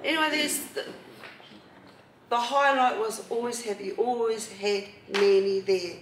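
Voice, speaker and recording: A middle-aged woman with a New Zealand accent, telling personal stories to a community gathering in a chatty, lively way with frequent laughter. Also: fairly high pitch, measured pace, a little hiss or hum. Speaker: speaker at a community event. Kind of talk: personal storytelling talk. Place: meeting hall at a marae, indoors. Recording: echoey hall, voice far from the mic.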